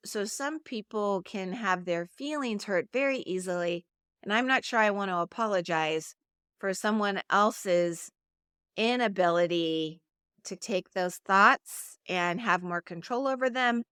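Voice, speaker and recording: A woman's voice: medium pitch, fairly bright tone, smooth, no room sound, studio quality. A middle-aged woman hosting a solo podcast, talking in an earnest, conversational coaching tone. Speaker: podcast host.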